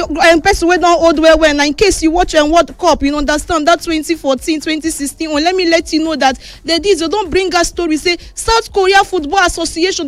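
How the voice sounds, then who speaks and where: Woman, Nigerian Pidgin accent, high voice, chatty sports news roundup, lively delivery. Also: no echo. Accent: Nigerian Pidgin English. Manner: chatty, animated, switching between excited and somber tones.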